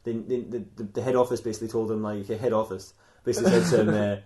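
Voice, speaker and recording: Fast-talking man rambling through a comic story. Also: lowish voice, flat delivery, dark tone. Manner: rambling, laughs often at his own jokes. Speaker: podcast co-host telling a fan fiction story. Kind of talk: casual comedic storytelling.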